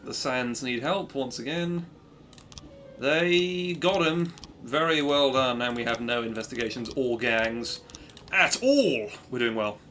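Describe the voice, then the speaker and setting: A man's voice: medium pitch, lively intonation, slow pace, bright, forceful tone, a little hiss or hum. A man chatting upbeat through a live speedrun, cheering his own progress and making asides to his stream viewers. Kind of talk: live gameplay commentary.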